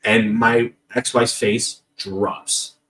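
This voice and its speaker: A man's voice: medium pitch, level tone, very slow, a bit bright, recorded from a distance, a little hiss or hum, rough recording. A man telling funny stories about himself on a podcast, in a jokey, self-deprecating and rambling way. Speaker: podcast guest. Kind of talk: casual storytelling.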